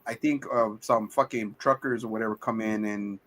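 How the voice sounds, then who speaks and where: A man's voice: on the low side, steady tone, normal speed, fairly bright tone. A man co-hosting a casual movie review chat, rambling through the plot with acted-out quotes and lots of swearing. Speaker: podcast co-host.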